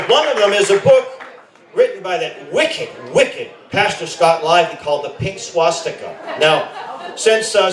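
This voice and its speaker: High-voiced middle-aged man, echoey and distant. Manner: rambling, with frequent self-corrections and joking asides. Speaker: camp director speaking at a rally. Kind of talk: informal rally speech.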